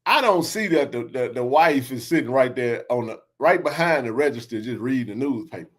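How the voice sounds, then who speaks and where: Brisk and mid-range in pitch, this man in his forties hosts a sports podcast and tells stories about his neighborhood. He's animated and slangy, laughing throughout the casual chat.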